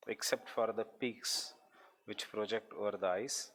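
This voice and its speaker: Man, Indian English accent, geography lecturer, dictating, repeats phrases, spells terms, bright forceful voice, long hall reverb. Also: lowish voice, fairly even intonation, a little slow.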